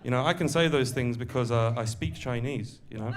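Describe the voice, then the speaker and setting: A man's voice: medium pitch, a little fast. A man doing a stand-up comedy set on a club stage, chatting and working the crowd. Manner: conversational, crowd-work asides.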